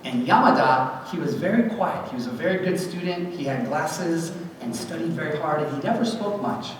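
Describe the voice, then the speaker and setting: Animated man telling a story, echoey hall. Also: a little high, moderate pace, noisy background. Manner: animated, acts out voices. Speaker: speaker at a church gathering. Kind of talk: personal testimony storytelling. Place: church hall event. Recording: echoey hall recorded from far off.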